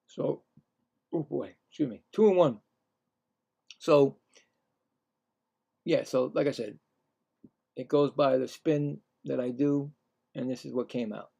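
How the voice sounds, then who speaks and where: A man calls a baseball game live for his stream, with a gravelly, slightly fried voice at an ordinary middle pitch. He sounds tired and yawns between plays. He picks up on the calls and drifts into loose, chatty asides. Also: unhurried, pauses often. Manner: livelier and louder on the calls. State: tired, yawning. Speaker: streamer doing play-by-play. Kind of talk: casual live play-by-play commentary.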